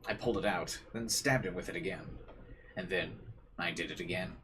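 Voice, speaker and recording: A man's voice: sits low, fairly quick, background noise. A young man streaming a visual novel, reading its text aloud with casual, joking asides. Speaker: let's play streamer.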